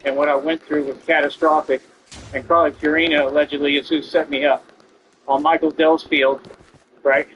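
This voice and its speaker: A man's voice: fairly high pitch, level tone, normal speed, fairly bright tone, slight background noise. Ranting man, lo-fi audio. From Texas. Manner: boastful, confrontational rant. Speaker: streamer. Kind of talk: ranting to viewers while gaming. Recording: dull lo-fi stream audio.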